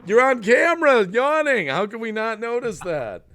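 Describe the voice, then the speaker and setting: A man's voice: very high voice, animated, normal speed, fairly bright tone. A man hosting a casual live stream, joking around and greeting viewers by name over a video call. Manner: jokey, reading out viewer names.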